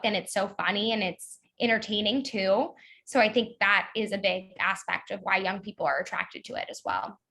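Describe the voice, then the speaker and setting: A woman's voice: medium pitch, pushed and bright. A young woman talking as an interview guest in a chatty way, filling her speech with "like". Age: young adult. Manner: chatty, lots of "like". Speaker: guest, author's daughter. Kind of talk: casual interview.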